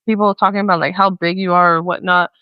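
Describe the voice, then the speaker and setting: A young woman talks casually on a podcast, chatty and loose, stringing thoughts together with plenty of fillers. Her voice is smooth and clear in a dry, close space. The sound is a little dull and lo-fi. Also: lowish voice, little pitch movement, fast, dry recording. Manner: chatty, many fillers, acts out quoted voices. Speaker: podcast co-host. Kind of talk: casual chat.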